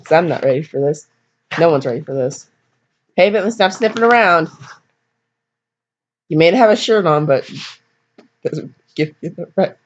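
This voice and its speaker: A woman's voice: low-pitched, animated, moderate pace, pauses often, muffled recording. A woman casually reading fan fiction aloud at home on her computer mic, with chatty, self-deprecating, apologetic asides. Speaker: fanfiction reader.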